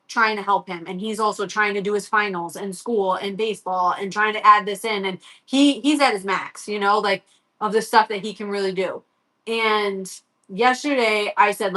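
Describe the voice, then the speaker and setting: A woman's voice: mid-range voice, pushed and bright. A middle-aged woman telling a long, rambling story on a live stream as a sports parent, swearing freely and quoting her son.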